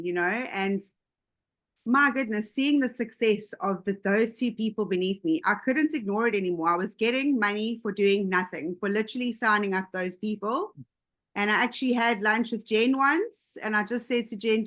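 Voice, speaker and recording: A woman on a video call telling her own story in a lively, chatty way, slipping into quoted dialogue. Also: mid-range voice, moderate pace. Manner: animated, jumps into quoted dialogue. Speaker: team member sharing her story on a call. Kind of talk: casual storytelling.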